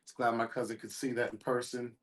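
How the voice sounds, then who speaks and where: Even-toned laid-back man, flat delivery. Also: medium pitch, fairly quick. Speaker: podcast panelist. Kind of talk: casual sports talk show.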